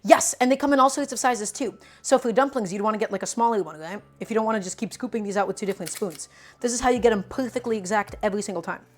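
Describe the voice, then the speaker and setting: A woman's voice: medium pitch, fast. Chatty woman streaming from her kitchen. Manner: chatty, playful, answers chat questions. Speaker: cooking streamer. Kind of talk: casual live-stream cooking chat. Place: home kitchen.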